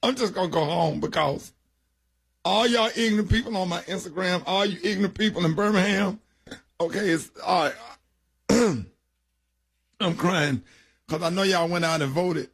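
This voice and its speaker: A man's voice: high-pitched, moderate pace, creaky, fairly bright tone. A man hosting morning radio, reading an ad in a joking, mock-emotional way. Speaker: radio host. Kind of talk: comic ad read on morning radio.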